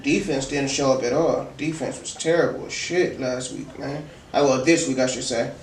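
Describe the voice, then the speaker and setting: A man's voice: medium pitch, fairly even intonation, normal speed, background noise. A man co-hosting a podcast, a laid-back casual sports chat where he argues his points. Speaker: podcast co-host. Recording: echoey room, distant from mic.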